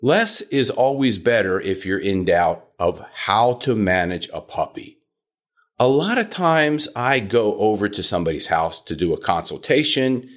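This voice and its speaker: A man with a lowish voice hosts his own podcast as a dog trainer. His talk rises and falls a lot as he explains things step by step. Now and then he jumps into a shrill imitation of a frantic owner. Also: animated, measured pace. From South Florida. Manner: instructive, mimics high-pitched owners. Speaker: puppy trainer and podcast host. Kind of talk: podcast monologue.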